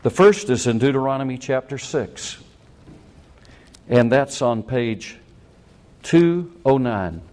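An older man, a pastor, preaching a sermon in an animated way that acts out the quotes he tells. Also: medium pitch, slow pace, pauses often.

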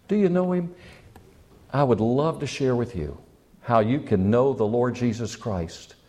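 A man's voice: mid-range voice, warm tone. A man preaching a sermon as pastor, building up with rising questions and impassioned appeals.

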